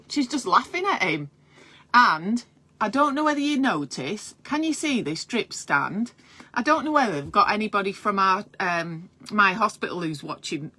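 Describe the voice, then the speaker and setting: A woman, a midwife, chatting live to camera in a small room, excitable and self-mocking, moving about near the mic. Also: mid-range voice. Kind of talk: casual live chat to camera.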